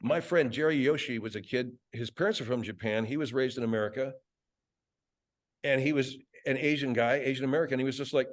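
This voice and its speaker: A man's voice: medium pitch, brisk, no echo. A man, a guest voice actor, chatting thoughtfully in an interview and slipping into character voices. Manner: reflective, many restarts, slips in voices. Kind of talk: casual interview chat.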